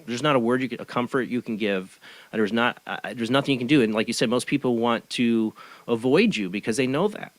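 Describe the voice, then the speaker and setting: A man's voice: mid-range voice, fairly quick, no echo, rough recording. A middle-aged man hosting a podcast interview, talking earnestly with many stammered restarts. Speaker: podcast host. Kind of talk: casual conversational interview.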